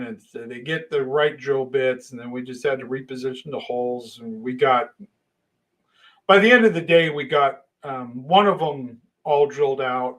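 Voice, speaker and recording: A middle-aged man telling a long casual story, animated, with sudden loud bursts and hushed asides. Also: medium pitch.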